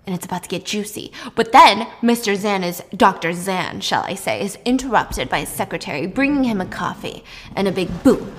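Gossipy, animated woman recapping a show. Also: mid-range voice, a little fast. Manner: gossipy and animated, acts out lines. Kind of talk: casual chatty recap.

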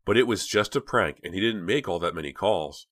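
A man's voice: low voice, animated, a little fast, fairly bright tone, no echo, pitched above the performer's own voice. A man voicing an anxious teenage girl who pleads in a desperate, tearful way. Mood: pleading.

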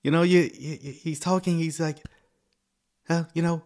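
A man's voice: fairly high pitch, steady tone, normal speed, darkish tone. A man hosting a casual video commentary, talking with lots of fillers, laughs and sarcastic asides. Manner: chuckling, sarcastic, full of fillers. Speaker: commentary host.

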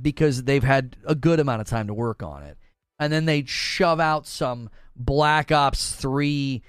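A man giving heated, opinionated commentary in a casual way, repeating himself for emphasis. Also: mid-range voice. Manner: emphatic, heated, repeats words, mocking quoted voices. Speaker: gaming commentator.

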